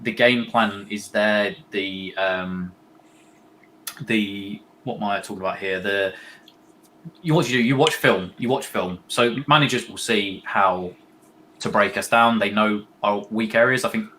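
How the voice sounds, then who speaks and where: A man's voice: on the low side, pushed and bright, a little hiss or hum. Rambling young man on a fan stream. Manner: rambling, filler-heavy, halting. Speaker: co-host of a fan watch-along. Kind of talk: casual live football chat.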